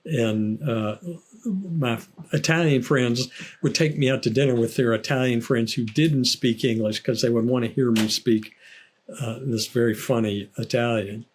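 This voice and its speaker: A man's voice: medium pitch, steady tone, a little slow, slight background noise. An older man with a Southern American accent, an author guest telling stories in a casual interview and laughing often. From United States. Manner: chatty storyteller, laughs often.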